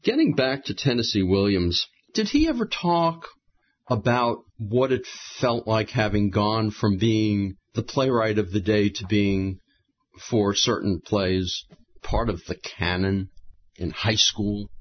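Male interviewer, thoughtful, low husky voice, dull recording. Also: expressive, measured pace. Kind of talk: casual conversation.

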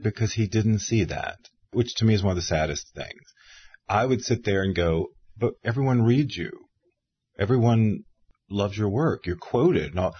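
This low, slightly rough male voice belongs to a fifties-aged interviewer and author chatting casually. He's an animated storyteller who mimics whoever he's quoting, and the recording has its high frequencies cut off.

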